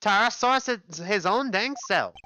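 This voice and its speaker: A man's voice: sits high, lively intonation, normal speed, sharp tone, a little hiss or hum, pitched above the performer's own voice. Man doing a folksy Southern gal. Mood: chipper. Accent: American Southern (put on). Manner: folksy drawl, bouncy. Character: chatty Southern woman photographer, folksy.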